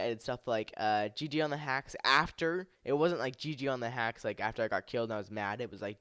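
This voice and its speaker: A young man telling a long gaming story in a casual vlog, rambling and saying "like" a lot, his pitch climbing when he replays his own anger. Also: fairly bright tone, smooth, no echo, studio quality. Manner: rambling, heavy use of "like" and "I was like". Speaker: YouTuber and game server moderator.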